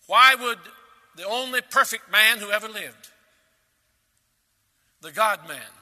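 Man, preacher, very bright sharp voice, high pitched, sermon, long hall reverb. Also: lively intonation, slow. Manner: emphatic preaching with sudden loud rises and quiet drops. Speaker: pastor.

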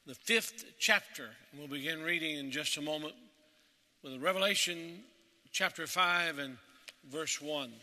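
High, bright male preacher reading slowly. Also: in a large hall. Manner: measured, deliberate reading of the King James text. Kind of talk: sermon with scripture reading.

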